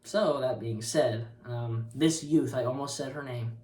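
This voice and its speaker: A young man in his twenties telling a story to camera in a casual, animated, self-mocking way, laughing often. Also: mid-range voice, measured pace. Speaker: co-host of a couple's channel. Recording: roomy sound, mic a bit far.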